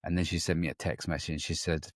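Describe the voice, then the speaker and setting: A man's voice: deep voice, flat delivery, fast, dry recording, studio quality. A man co-hosting a podcast, telling a personal story in casual chat and acting out his own inner voice. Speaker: podcast co-host.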